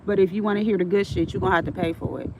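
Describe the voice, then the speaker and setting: A woman's voice: mid-range voice, fairly even intonation, very fast. A middle-aged woman telling stories on a casual livestream, frank and streetwise, swearing freely, with faint traffic noise behind her.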